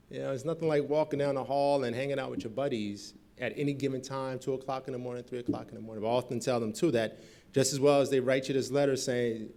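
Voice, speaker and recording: Middle-aged male speaker, lively keynote storyteller, acts out dialogue. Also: medium pitch, quick pace. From Newark, New Jersey. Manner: animated storyteller acting out quoted dialogue. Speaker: guest speaker. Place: convention hall.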